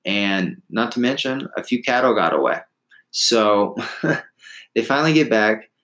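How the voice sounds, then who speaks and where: A man's voice: on the low side, lively intonation, unhurried, fairly bright tone, poor audio. A man casually telling a long story, rambling with restarts and laughing at himself.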